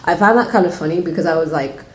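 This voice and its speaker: A woman's voice: fairly low pitch, quick pace, a little hiss or hum. A woman giving an opinionated, casual vlog review, full of "like" fillers. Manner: opinionated ranting with many "like" fillers. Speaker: reality show reviewer. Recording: roomy echo.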